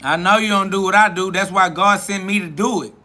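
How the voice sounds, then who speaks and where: A man's voice: sits high, fairly quick, sharp tone, slight background noise. A man hosting a live stream, boasting and trash-talking in a preachy, repetitive way, answering viewers' comments.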